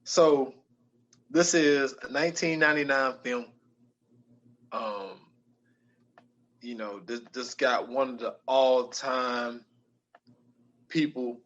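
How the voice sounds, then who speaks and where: A man co-hosting a podcast in casual chat, musing in a relaxed way with trailing restarts. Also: mid-range voice, slow pace, long pauses. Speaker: podcast co-host. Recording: dull lo-fi audio.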